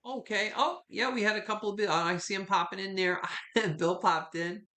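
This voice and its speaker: Chatty bright-voiced man hosting a live sale. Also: high voice, normal speed, echoey room. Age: 50s. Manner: chatty, calls viewers honey and sweetie. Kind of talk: live online auction selling. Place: his home.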